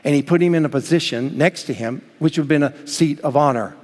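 A pastor delivers a sermon in a fairly high man's voice, moving from bold emphatic phrases to soft, slowed-down passages. He acts out the figures in the story as he goes. A long reverb trails every line, as in a large hall. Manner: preaching with dramatic swings between loud and hushed.

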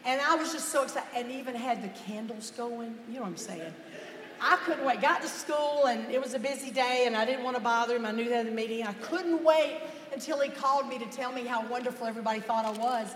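A teacher and pastor's wife telling a humorous story in a sermon, animated and mock-outraged. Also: female voice, on the high side, fast, a little hiss or hum. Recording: echoey hall with long reverb.

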